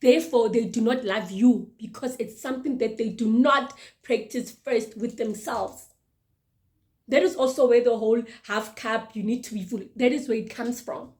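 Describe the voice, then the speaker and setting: A woman's voice: a little high, moderate pace, a little mellow. A woman in her mid-thirties hosting a casual advice monologue, earnest and emphatic, often repeating her words. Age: 30s. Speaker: show host.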